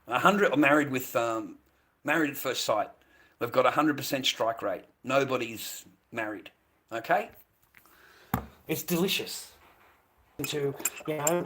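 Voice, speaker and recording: An Australian man in a profane, rambling casual chat to viewers, breaking into loud bursts. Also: on the high side, background noise.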